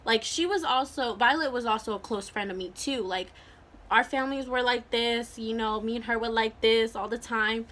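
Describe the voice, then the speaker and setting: Bright-voiced young woman telling a story. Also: on the high side, normal speed. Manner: animated, full of "like" and acted-out quotes. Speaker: vlogger. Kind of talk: casual storytime chat.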